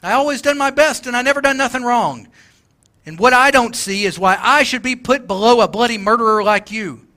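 A man's voice: very high-pitched, fairly quick, sharp tone, voice pushed up. A man voicing a blustering, indignant poor man. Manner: indignant, blustering, rough-spoken. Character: resentful self-righteous poor man demanding his rights.

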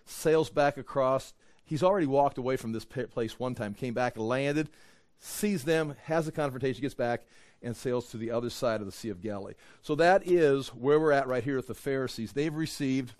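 A man's voice: medium pitch, darkish tone, dry recording, studio quality. A man preaching a verse-by-verse sermon in a conversational way, often repeating words and acting out quoted speech. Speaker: pastor teaching the Bible. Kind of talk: expository sermon.

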